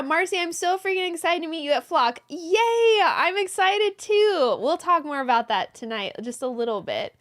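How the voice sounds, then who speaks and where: High-voiced woman hosting a live stream. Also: fairly bright tone. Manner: greets viewers by name, reads messages aloud, brief laughs. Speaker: host of a live yarn-shop stream. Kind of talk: live-stream chat, reading viewer comments. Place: indoors, small closet.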